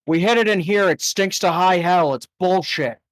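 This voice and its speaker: A man playing a loud, blunt gang henchman. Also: high voice, big pitch swings, takes it slowly, dry recording, pitched above the performer's own voice, full character voice. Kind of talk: tabletop game character voice.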